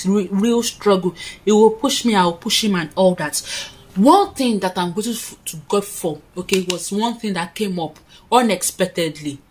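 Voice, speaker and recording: Chatty woman telling a story. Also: medium pitch. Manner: chatty, dramatic storytelling with frequent asides to viewers; doing her makeup while talking. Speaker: vlogger. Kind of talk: casual storytime. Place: her own room, indoors.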